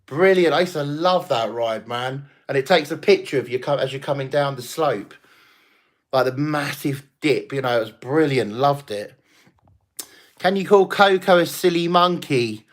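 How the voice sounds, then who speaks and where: A man's voice: fairly high pitch, normal speed. A man hosting a casual late-night livestream, rambling, swearing and laughing as he chats with viewers after a few drinks. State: tipsy from drinking. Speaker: livestream host.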